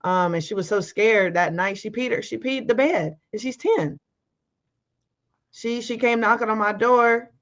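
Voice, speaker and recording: A woman's voice: fairly high pitch, unhurried, a bit bright, muffled recording. A woman guest telling a personal story in casual, emphatic talk, acting out the arguments she quotes. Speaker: interview guest.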